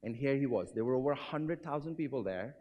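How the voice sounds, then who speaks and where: A man's voice: quick pace, highs cut off. A man giving a motivational business talk, telling a story and quizzing the audience. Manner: animated, swings pitch and volume. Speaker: keynote speaker. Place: hotel conference hall.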